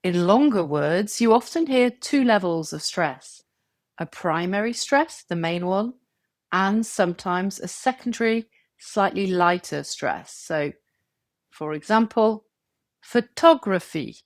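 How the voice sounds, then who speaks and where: Dry, measured woman teaching pronunciation. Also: mid-range voice, animated, no echo. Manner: clear and measured, stretching example words for emphasis. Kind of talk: scripted tutorial narration.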